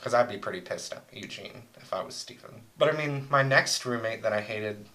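A man's voice: on the low side, brisk, sharp tone, poor audio. A young man chatting casually as co-host, rambling through crude, joking stories about old roommates. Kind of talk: casual chat.

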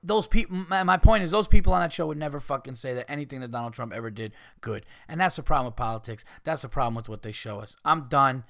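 A man hosting a podcast, ranting casually with heavy swearing and mocking people in put-on high voices. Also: quick pace, gravelly, few pauses, a bit bright, no room sound, clean studio sound. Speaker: podcast host. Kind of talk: casual rant.

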